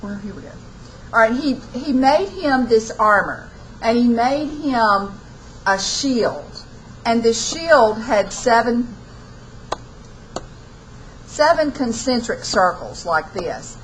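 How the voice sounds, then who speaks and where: A woman's voice: a little high, lively intonation, slow, pauses often, slight background noise, poor audio. A woman lecturing a college class, retelling an old epic in folksy everyday speech and acting out the quotes. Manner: folksy storytelling, acts out quotes in casual speech. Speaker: college literature instructor.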